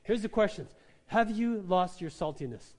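High-voiced preaching pastor, man. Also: expressive, moderate pace. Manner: swings between quiet questioning and loud emphatic preaching; repeats lines, calls out "Amen?" to the congregation. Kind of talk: sermon.

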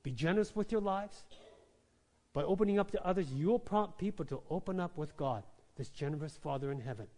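High-voiced preaching pastor, man. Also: animated, fairly quick. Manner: swings between quiet questioning and loud emphatic preaching; repeats lines, calls out "Amen?" to the congregation. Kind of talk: sermon.

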